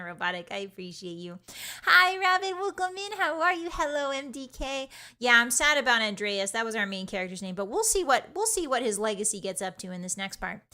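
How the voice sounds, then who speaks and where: A woman's voice: fairly high pitch, pushed and bright. A young woman streaming a game, chatting with her viewers in a playful, teasing way. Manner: playful, teasing, bubbly greetings. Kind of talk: casual stream chat.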